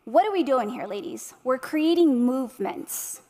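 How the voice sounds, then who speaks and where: A woman's voice: sits high, expressive, moderate pace, dark tone, in a large hall. A woman in her thirties giving an inspirational keynote to a live audience, speaking passionately and asking them rhetorical questions. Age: 30s. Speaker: motivational speaker.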